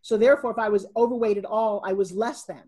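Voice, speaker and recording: Husky, animated middle-aged woman. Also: mid-range voice, quick pace. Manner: animated storyteller, acting out quotes. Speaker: podcast guest, entrepreneur. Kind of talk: casual interview.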